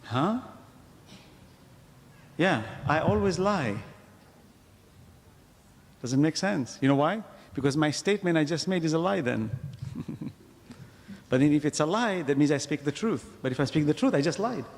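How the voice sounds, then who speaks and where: A man giving a religious lecture to a congregation, asking rhetorical questions and pausing for emphasis. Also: on the high side, vocal fry, big-room sound. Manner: animated, wide-ranging delivery. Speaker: Islamic lecturer.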